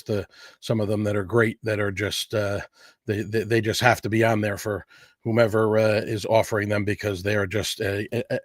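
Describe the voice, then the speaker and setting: A man's voice: on the low side, dry recording, clean studio sound. A man hosting a local food livestream, chatty and upbeat, rambling with fillers as he reads through a list. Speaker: host of a local food show. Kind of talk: casual livestream announcement. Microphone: livestream setup.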